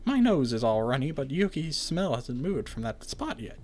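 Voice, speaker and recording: A man's voice: medium pitch, big pitch swings, moderate pace, crowd noise. A man hosting a game playthrough, reading the story text aloud and breaking off with dry, joking asides. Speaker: let's play host.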